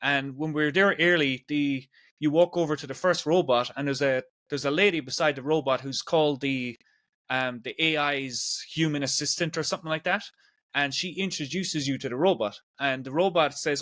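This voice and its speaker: A man's voice: medium pitch, moderate pace, fairly bright tone, no room sound, studio quality. A man in his forties with an Irish accent, hosting a casual podcast conversation and rambling along with lots of "like" fillers. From Ireland. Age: 40s. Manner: rambling, chatty, peppers speech with "like". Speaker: podcast host.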